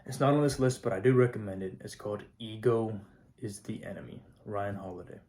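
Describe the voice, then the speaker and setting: A teenage high school student talking casually to camera, swearing often and getting fired up, with lots of filler words. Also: male voice, a little fast, darkish tone. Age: teens. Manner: profane, hyped, heavy "like" and "not gonna lie". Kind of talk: casual vlog monologue.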